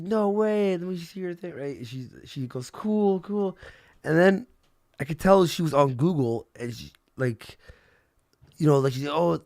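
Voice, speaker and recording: Gravelly animated man telling stories. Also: medium pitch, dry recording, clean studio sound. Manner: animated storytelling, swearing, acts out quoted people. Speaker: stream host. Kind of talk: casual livestream chat.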